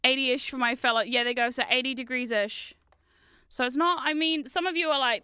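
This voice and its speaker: A woman streaming from her desk in casual chat, giggly and chatty with loud squealing exclamations, on a close microphone. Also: high voice, a little fast, smooth, no echo. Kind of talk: casual chat while building.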